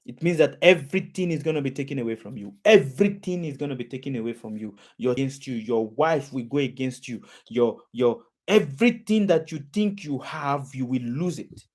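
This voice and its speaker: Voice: medium pitch, a little fast, hardly any pauses, a little mellow. A preacher delivering a sermon, repeating phrases and asking the audience questions again and again.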